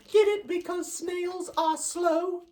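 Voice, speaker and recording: A woman voicing a high singsong puppet girl. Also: fairly even intonation, drawn-out words, exaggerated voice. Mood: playful. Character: cheerful joke-telling puppet girl. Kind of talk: children's puppet show.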